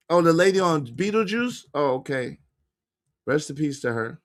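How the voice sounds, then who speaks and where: A man hosting a casual livestream, talking loosely and jokingly, his voice going hoarse as he loses it. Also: moderate pace. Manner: animated, joking, shifts between low mumbles and loud bursts. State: losing his voice. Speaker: livestream host.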